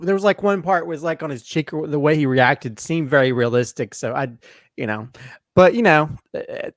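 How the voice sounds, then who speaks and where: A joking man chats as a guest on a movie review show, often circling back and restarting his sentences. His voice is a touch high for a man, recorded dry and close with no room sound. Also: moderate pace, no echo. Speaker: filmmaker guest. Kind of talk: casual review chat.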